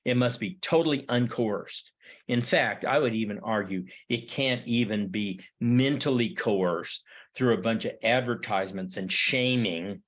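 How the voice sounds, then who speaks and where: A middle-aged male history teacher gives a classroom lecture in a fairly low, slightly bright voice, taking his time. His style is emphatic and rhetorical, with repeated rhetorical questions.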